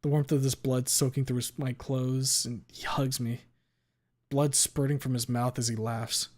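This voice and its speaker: A man's voice: mid-range voice, little pitch movement, normal speed, darkish tone. A man reading a visual novel aloud in the first person, dramatic, cursing freely and sometimes stumbling over words.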